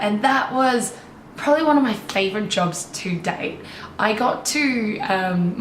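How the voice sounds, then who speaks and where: A young woman, a life coach, telling her own story in an animated, enthusiastic way. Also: mid-range voice, a little hiss or hum. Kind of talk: personal storytelling. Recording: roomy echo, faint ambience.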